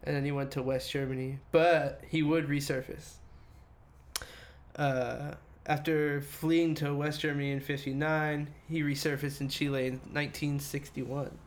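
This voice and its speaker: A man's voice: fairly high pitch, level tone, unhurried. A man co-hosting a casual podcast, reading from notes and breaking into profane jokes and laughter. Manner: reads notes aloud, breaks off into profane joking asides; laughs often mid-sentence. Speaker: podcast co-host reading the story.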